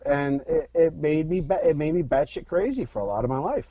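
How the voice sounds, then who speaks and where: Frank storytelling man, mellow voice, dry dull lo-fi sound. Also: on the high side, lively intonation, a little fast, no echo. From Philadelphia, US. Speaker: podcast guest, actor. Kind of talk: candid interview talk.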